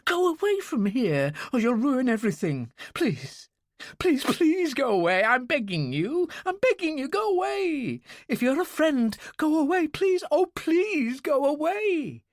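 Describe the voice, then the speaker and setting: A man's voice: extremely high pitch, big pitch swings, unhurried, no room sound, pitched above the performer's own voice, exaggerated voice. A man voicing a frightened young woman of about twenty-one in an audiobook thriller, pleading in a shaky, desperate voice.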